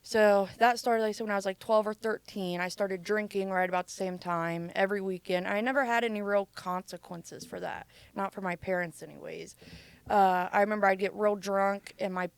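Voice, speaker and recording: A woman's voice: mid-range voice, steady tone, fairly quick, vocal fry, clear, resonant tone, no echo. A young adult woman from Ohio, a podcast guest telling her life story candidly and casually, swearing freely and acting out quotes.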